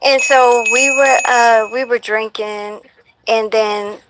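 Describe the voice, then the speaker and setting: Halting young woman telling her story. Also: a little high, steady tone, heavy background noise. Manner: halting, repeats words, fillers. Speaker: guest. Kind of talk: emotional personal account.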